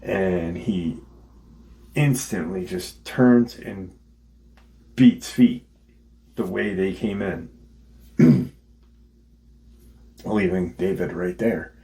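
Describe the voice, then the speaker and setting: Male host, deep and unhurried, recounting a story loosely with frequent ums. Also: mellow, rough recording. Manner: halting, many ums and restarts. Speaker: podcast host retelling a listener's encounter. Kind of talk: casual spoken storytelling.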